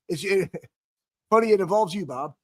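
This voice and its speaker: A man co-hosting a sports talk show, telling a rambling, animated story about his playing days with many restarts. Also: high voice, unhurried. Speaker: co-host, former football player.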